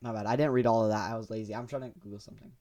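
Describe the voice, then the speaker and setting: A man's voice: on the low side, fairly even intonation, very fast, warm tone, dull audio. A young man hosting a gaming video, reading the story text aloud with goofy, chatty asides. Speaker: gaming channel host. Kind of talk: reading a visual novel aloud.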